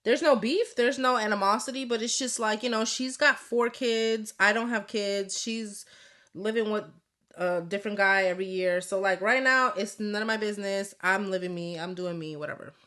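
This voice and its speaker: A woman's voice: medium pitch, normal speed, sharp tone. A woman in her thirties chatting casually and candidly, swearing freely as she tells a personal story in a vlog. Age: 30s. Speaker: vlogger.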